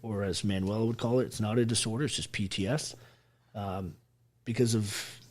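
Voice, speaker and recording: Veteran guest, man, low-set voice, raw and profane storyteller. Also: fairly even intonation, moderate pace. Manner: profane, blunt, acts out quoted speech. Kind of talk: emotional storytelling on a podcast.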